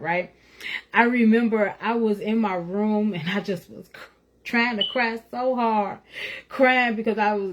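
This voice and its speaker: A woman giving an informal faith talk and personal testimony, conversational and earnest, with lots of "you know" and a laugh now and then. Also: mid-range voice. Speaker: speaker sharing faith testimony.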